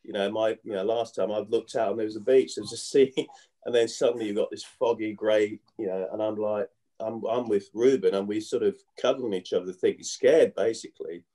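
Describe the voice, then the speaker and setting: A man's voice: fairly low pitch, fairly even intonation, a little fast, mellow. A man in his fifties who grew up in England, a former cricketer telling his life story in a casual interview, rambling with many "you know"s and restarts.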